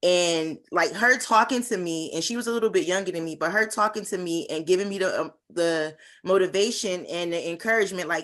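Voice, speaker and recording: A woman in her twenties shares an earnest, heartfelt personal testimony as a conference speaker over a video call. Her voice sits on the low side, a little fast and a bit bright, and she uses frequent fillers.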